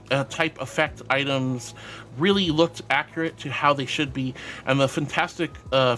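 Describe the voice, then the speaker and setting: A man's voice: on the high side, fairly bright tone. A man streaming live and reading out chat, bubbly and affectionate, calling viewers sweetie.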